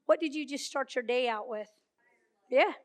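Woman preacher, high voice, storytelling sermon with emphatic repetition. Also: moderate pace.

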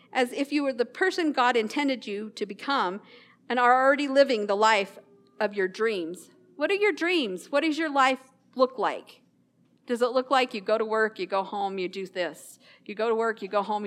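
A woman hosting a casual Christian devotional talk, earnest and self-deprecating, slowing down to read scripture. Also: a little high, a bit bright.

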